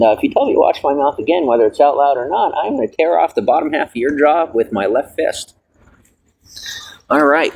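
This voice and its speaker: A young man rambles to the camera in a solo vlog. His voice wanders from muttering to sudden high, raised outbursts. Faint background noise sits under the recording. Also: poor audio. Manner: rambling, swings between mumbling and loud high outbursts.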